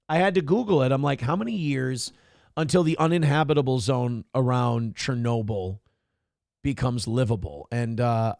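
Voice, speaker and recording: A man's voice: mid-range voice, gravelly, darkish tone, dry recording, studio quality. A man hosting a morning show, chatting casually, reading viewer comments, and swearing and joking at his own expense. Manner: profane, joking, self-mocking rants.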